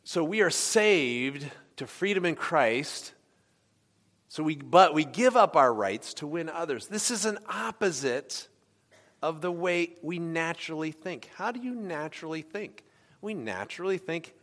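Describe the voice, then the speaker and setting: A man's voice: a little high, lively intonation, unhurried, fairly bright tone. A man from the United States preaching a sermon in a conversational way, often asking the congregation questions. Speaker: pastor. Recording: long hall reverb.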